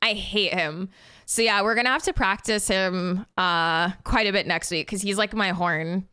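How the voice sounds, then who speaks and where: A woman's voice: mid-range voice, moderate pace, sharp tone, clear, resonant tone. A woman game streamer chatting casually with viewers, giggly and rambling. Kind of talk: casual live-stream chat.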